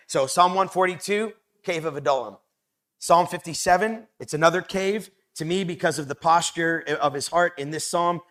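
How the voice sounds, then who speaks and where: A man in his thirties giving a Bible study talk to young people, lively and rising loud when he reads scripture aloud. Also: a little high.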